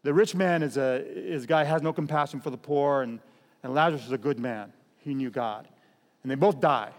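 A middle-aged man preaching a sermon in a conversational style, swinging between loud emphatic bursts and soft, quiet drops. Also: mid-range voice, a little fast. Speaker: pastor. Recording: long hall reverb.

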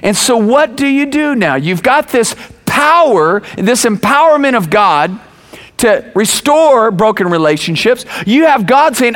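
A man in his forties, a pastor preaching a sermon, telling stories with lively acted-out voices and sudden raised words. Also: very high voice, a little slow. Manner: animated storytelling, acts out quoted voices, bursts of raised voice.

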